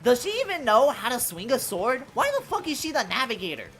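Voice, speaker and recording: Live-streaming her gameplay, a young woman offers casual, animated commentary, cursing as she rants about characters and calling out "bro" often. Her voice is a little high and a little fast, with a little hiss or hum in the audio.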